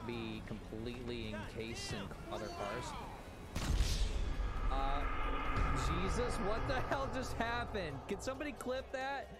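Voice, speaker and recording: A man streaming a game live, chatting casually, laughing and swearing as he plays. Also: a little high. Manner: laughs a lot, swears, banters with chat.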